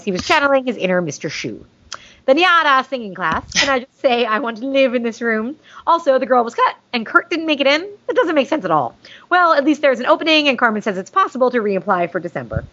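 Animated, lively-voiced woman gushing on a podcast. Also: high voice, brisk. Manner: gushing, chatty, jokey. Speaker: podcast host reading listener mail. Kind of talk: casual fan chat. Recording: dull lo-fi sound.

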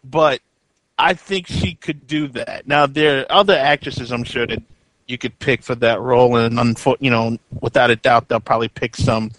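A man's voice: medium pitch, fairly even intonation, moderate pace, fairly bright tone, dry recording, rough recording. A man co-hosting a podcast in casual chat, rambling, swearing casually and laughing often. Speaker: podcast co-host. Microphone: podcast mic.

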